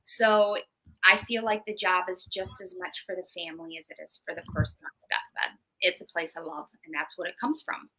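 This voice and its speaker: A woman guest, a death doula, explaining her work in an earnest, gentle way. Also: lowish voice, flat delivery, moderate pace, low-quality recording. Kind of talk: interview talk.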